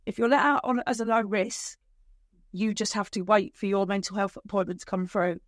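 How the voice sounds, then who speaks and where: A middle-aged woman, a guest on a podcast, telling her story emotionally, with halting restarts. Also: medium pitch, fairly even intonation, no echo, clean studio sound. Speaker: guest, bereaved mother. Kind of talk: podcast conversation.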